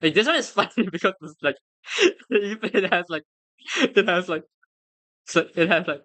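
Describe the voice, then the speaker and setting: An excitable streamer reacts on a live stream, laughing often and cursing freely. The voice sits in a middle register, and the words tumble into stammers and restarts. The recording is dry and close, with no room sound. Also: medium pitch, a little slow, no room sound. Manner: stammers and restarts when flustered.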